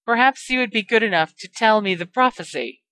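A woman putting on a hissing, mocking dark wizard. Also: mid-range voice, animated, brisk, voice pushed up. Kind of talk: fan fiction reading.

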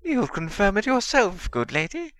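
A man's voice: sits high, sing-song, moderate pace, fairly bright tone, dry recording, voice pushed up. A man voicing a simpering, cringing male wizard servant who pleads with his master. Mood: fawning.

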